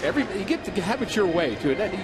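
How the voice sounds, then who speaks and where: A man's voice: high-pitched, very animated, very fast, very noisy. A man calling a baseball game play by play from the broadcast booth, chatty and working sponsor reads in between the action. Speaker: play-by-play announcer. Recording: broadcast audio with clear crowd and ambience behind.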